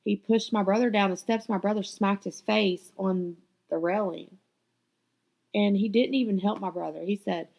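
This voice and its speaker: A woman's voice: medium pitch, measured pace, vocal fry, low-quality recording. A woman hosting her own podcast, telling her life story in a raw, candid way and swearing freely. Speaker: podcast host. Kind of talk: confessional personal storytelling.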